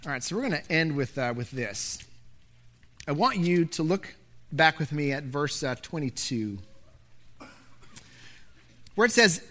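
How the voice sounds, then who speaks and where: Bright-voiced animated male preacher. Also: a little high, measured pace, long pauses. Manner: animated storytelling, swings from loud to hushed. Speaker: pastor. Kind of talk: sermon with personal story.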